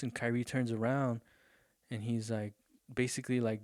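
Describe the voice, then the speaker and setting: A man's voice: medium pitch, level tone, a little slow, a little mellow, no room sound, clean studio sound. A young man hosting his own podcast, talking loosely and profanely with lots of fillers. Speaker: podcast host. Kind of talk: casual solo podcast rant.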